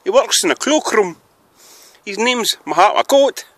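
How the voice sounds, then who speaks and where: A man's voice: high voice, lively intonation, a little slow, fairly bright tone, no echo, poor audio. A Scottish man presenting a comic mock news bulletin outdoors, rambling and chummy, tagging "eh?" onto his lines. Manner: rambling, chummy, keeps adding "eh?". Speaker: spoof newsreader. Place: outdoors in strong wind. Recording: windy outdoor recording with noise.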